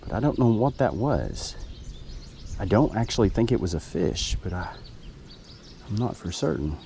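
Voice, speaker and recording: A man's voice: lowish voice, sing-song, moderate pace, warm tone, slight background noise. A man talking casually to the camera while kayak fishing on a river outdoors, chatty and self-deprecating. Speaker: fishing vlogger. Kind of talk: casual outdoor vlog narration.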